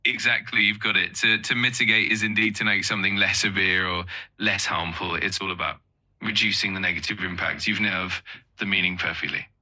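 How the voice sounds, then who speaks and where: Bright, low-voiced encouraging male tutor. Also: fairly even intonation, brisk, husky, poor audio. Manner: encouraging, upbeat, offers more help. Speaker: English vocabulary tutor. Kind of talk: patient explanation.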